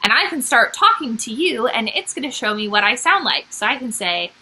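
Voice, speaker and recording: A woman's voice: on the high side, big pitch swings, brisk, bright, forceful tone, breathy edge, low-quality recording. A woman music teacher giving a recorded online lesson to young children, upbeat and explaining step by step.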